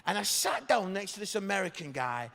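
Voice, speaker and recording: High-voiced Scottish man telling stories in a hall. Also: brisk, creaky. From Scotland. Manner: chatty, keeps asking "yeah?" for agreement; animated, jumps into loud shouts. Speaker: guest speaker at a church service. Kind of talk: comic storytelling to a live audience. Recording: echoey hall.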